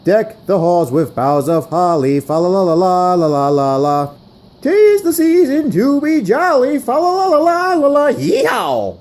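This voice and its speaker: A man voicing a small, eager male train engine singing a carol loudly, high and off-key. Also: huge pitch swings, extremely slow, creaky, hardly any pauses, full character voice. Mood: gleeful.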